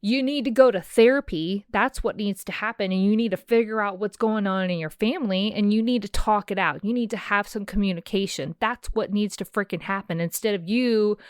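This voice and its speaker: A woman hosts her podcast in a heartfelt, fired-up ramble, checking in with listeners with "okay?" and "sis" between thoughts. Her voice is smooth and clear at a middling pitch. It sounds close and dry, with no room around it. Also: dry recording. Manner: impassioned, rambling rant with frequent "okay?" asides; emotional, empathetic, addresses listeners as "sis". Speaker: podcast host. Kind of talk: casual monologue.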